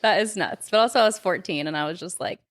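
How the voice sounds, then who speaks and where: A young woman talks on a podcast in a slightly low voice. She is chatty and tells her stories with animated energy. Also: fast talker. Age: young adult. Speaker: podcast co-host. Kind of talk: casual chat.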